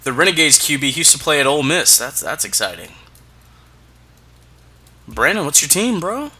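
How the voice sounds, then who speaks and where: A man's voice: a little high, big pitch swings, normal speed, sharp tone, husky. A man co-hosting a casual wrestling podcast, often stumbling and repeating words, with playful hype. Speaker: podcast co-host.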